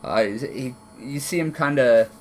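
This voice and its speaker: Male game master, slow laid-back narrator with plenty of fillers, light hum in the background. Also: medium pitch. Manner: relaxed, many fillers and restarts. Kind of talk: narrating a tabletop game over an online call.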